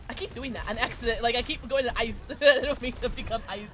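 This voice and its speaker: A woman's voice: on the high side, fast talker, noisy background. A young woman streaming a game, chatting casually and giggling often as she reacts to play. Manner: giggly, excitable, talks to herself while playing. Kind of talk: casual gameplay chat.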